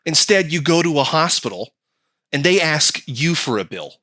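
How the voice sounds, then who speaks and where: A man's voice: on the high side, normal speed, dry recording. A man hosting a podcast, ranting casually with lots of swearing and mocking asides. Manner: animated, profane, mocking. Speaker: podcast host.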